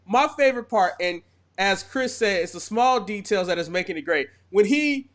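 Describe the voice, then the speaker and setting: A man's voice: sits high, moderate pace. A man co-hosting a casual wrestling podcast, telling stories and acting out quotes with energy. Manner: animated storyteller, acts out quotes. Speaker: podcast co-host.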